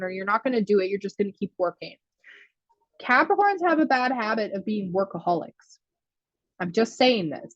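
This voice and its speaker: A woman's voice: on the high side, dry recording, highs cut off. A woman giving a chatty live tarot reading, laughing often and answering viewer comments as she goes. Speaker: tarot reader.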